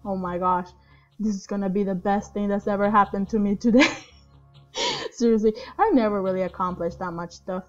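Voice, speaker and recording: A young woman casually commentating her own game play at home into headphones, rambling and excitable with lots of fillers. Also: medium pitch, moderate pace. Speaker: gaming channel host. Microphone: headphone mic. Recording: dull lo-fi headphone mic with faint music.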